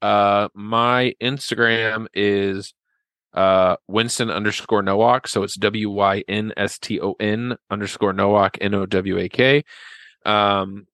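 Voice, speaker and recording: A young man chats as a podcast guest, his voice bright and forceful and sitting a bit low. He tells stories with lots of animation and acts out his own past lines. The mic is close and dry. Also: fairly even intonation, takes it slowly, dry recording. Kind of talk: casual chat.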